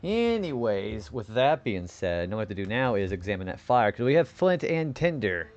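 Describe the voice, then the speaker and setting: Brief: a laid-back young man streaming games, casual and animated, with soft background music. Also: lowish voice, moderate pace, muffled recording. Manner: chatty and laid-back, greets viewers, laughs often. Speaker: game streamer. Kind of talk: casual live-stream commentary.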